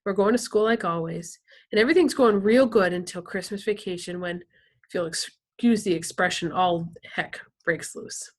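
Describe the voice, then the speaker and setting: A woman's voice: lowish voice, moderate pace. Woman reading a novel aloud. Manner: expressive, lively storytelling. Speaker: reader.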